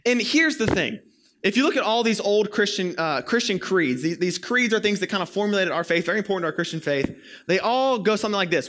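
A young man giving a sermon in an animated, playful storytelling manner. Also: sits high, quick pace. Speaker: preacher.

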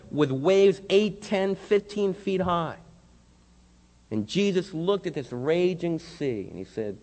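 A male pastor preaching a sermon in a church with impassioned delivery that swings between quiet and loud. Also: on the high side. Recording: long hall reverb.

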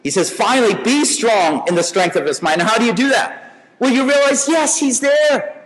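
High-voiced male preacher in a reverberant hall. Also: normal speed, fairly bright tone. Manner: conversational, anecdotal preaching with rhetorical questions. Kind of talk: sermon.

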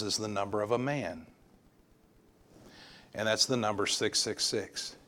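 A man's voice: fairly low pitch, a bit bright. A male pastor preaching a sermon, emphatic and repeating words for stress.

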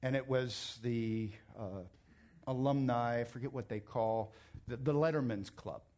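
An unhurried pastor with a medium-pitched voice preaches a sermon to his congregation. He's emphatic yet conversational, joking with them and telling stories in an animated way.

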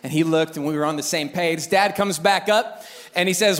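A young adult man preaching a sermon, telling a childhood story with lively acted-out voices. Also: a little high, moderate pace. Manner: animated storyteller acting out voices. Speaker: pastor.

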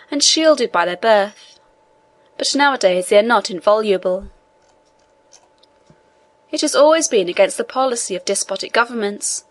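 A woman narrating a classic novel in an even, measured reading. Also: medium pitch, no room sound. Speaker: audiobook reader. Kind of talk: scripted narration.

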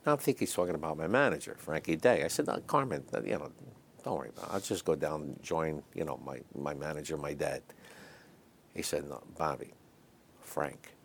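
An older man telling stories in a relaxed, chatty way as an interview guest, with lots of fillers and asides. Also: very deep voice, fairly quick, slight background noise. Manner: raspy, chatty anecdotes full of fillers. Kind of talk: storytelling in a casual interview.

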